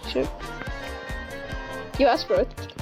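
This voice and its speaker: A woman's voice: slow, music in the background, low-quality recording. A woman playing a game and chatting to herself, jumpy and squealing when scared. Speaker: gamer playing a horror game. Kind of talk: casual gameplay commentary.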